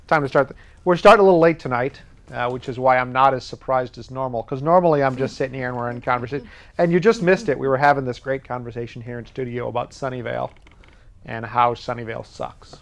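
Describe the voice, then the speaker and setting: A man's voice: mid-range voice, vocal fry. A man hosting a public access TV show, rambling through a comic monologue and acting out both sides of conversations. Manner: rambling, self-mocking, acts out dialogue in quick voices. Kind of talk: casual comedic monologue. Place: TV studio.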